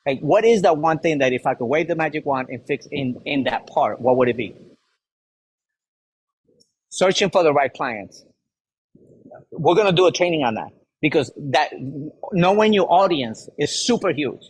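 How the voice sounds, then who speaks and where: A man leading a sales workshop, giving an energetic motivational talk and firing rhetorical questions at the audience. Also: on the high side, normal speed, long pauses, husky, rough recording. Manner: acts out quoted people in lively voices.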